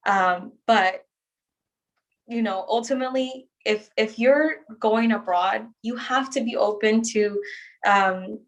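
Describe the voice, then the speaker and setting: A woman speaking as a panelist, telling anecdotes in a relaxed conversational way. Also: on the high side, slow, dull audio. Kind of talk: panel discussion.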